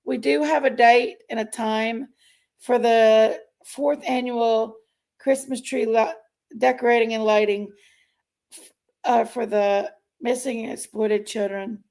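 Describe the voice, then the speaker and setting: A woman's voice: on the high side, fairly even intonation, slow pace, gravelly, a little mellow. A woman hosting a casual livestream, chatting and greeting viewers by name as she reads their comments. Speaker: livestream host reading chat.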